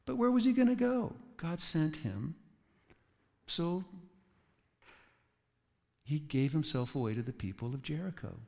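A man's voice: on the high side, sing-song, unhurried, vocal fry, pauses often, dark tone. Pastor, man, west coast voice, talky storytelling sermon, reverberant hall. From West Coast of the United States. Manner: conversational storytelling with asides to the audience.

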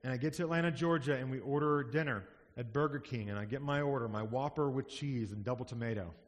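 A man's voice: medium pitch, quick pace. A man preaching a sermon as pastor, earnest and building to emphatic passages. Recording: long hall reverb.

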